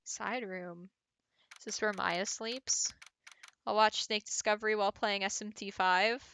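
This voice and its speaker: A woman's voice: medium pitch, fairly even intonation, a little slow, fairly bright tone, a little hiss or hum. A woman streaming a game from home, chatting casually with viewers and reading game text aloud with little laughs.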